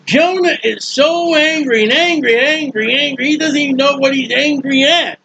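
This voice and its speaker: A man preaching in a casual Bible teaching style, folksy and joking, acting out characters in quick asides. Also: extremely high pitch, gravelly, sharp tone, poor audio.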